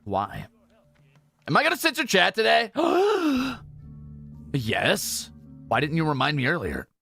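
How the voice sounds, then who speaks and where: A man's voice: fairly high pitch, huge pitch swings, normal speed, vocal fry, pushed and bright, faint music behind. A man from Europe streaming a game, chatting casually in a jokey, self-correcting way.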